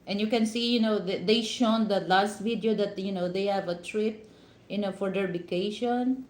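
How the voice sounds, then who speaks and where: A woman's voice: medium pitch, moderate pace, a little mellow. A woman from the Philippines with a Filipino accent, giving advice to her viewers in a casual live-stream talk, full of "you know" fillers. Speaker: vlogger. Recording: echoey room.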